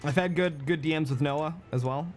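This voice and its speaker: Brash, high-voiced man streaming a game. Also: fairly quick, faint music behind. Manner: brash, joking, coaching viewers. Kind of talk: game livestream commentary.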